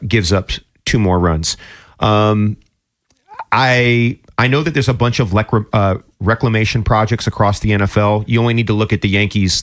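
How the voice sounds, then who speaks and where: A man co-hosting a sports radio show, talking loosely with many fillers and asides. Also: lowish voice. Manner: loose and chatty, many "um"s and "you know what I mean"s.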